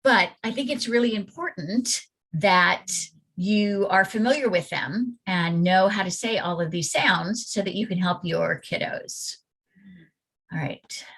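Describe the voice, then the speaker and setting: A woman's voice: medium pitch, a little slow, a bit bright. A woman reading teacher giving an online phonics workshop for parents, sounding out letters and vowel sounds with care. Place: home or classroom at computer, presenting slides.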